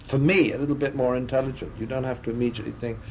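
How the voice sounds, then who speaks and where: A man's voice: medium pitch, steady tone, very fast, slight background noise. A man talking as a guest in a radio interview, telling chatty anecdotes into a studio microphone.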